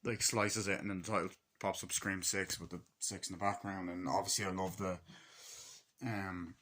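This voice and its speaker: A man with a fairly low voice talks through a film review in a loose, rambling way. He swears freely and keeps slipping into bits of acted-out dialogue. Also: level tone, moderate pace, bright, forceful tone. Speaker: movie reviewer. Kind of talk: casual rambling movie review.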